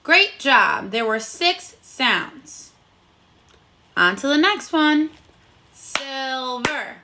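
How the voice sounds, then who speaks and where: A woman teaching a recorded phonics lesson to young children, encouraging them and sounding out words slowly and clearly. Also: sits high, big pitch swings, pushed and bright, slight background noise. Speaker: first grade teacher.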